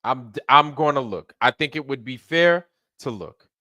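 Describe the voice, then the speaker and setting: A man's voice: medium pitch, lively intonation, normal speed, bright, forceful tone, dry recording, studio quality. A man with an American accent hosting a casual livestream, rambling loosely, repeating himself and swearing freely. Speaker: livestream host.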